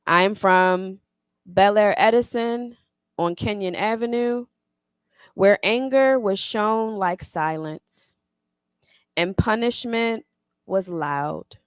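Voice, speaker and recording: A woman reading her own spoken word poem slowly and deliberately, then leading a youth poetry circle. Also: mid-range voice, clear, resonant tone, no room sound, clean studio sound. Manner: slow, deliberate poetic delivery. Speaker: workshop facilitator.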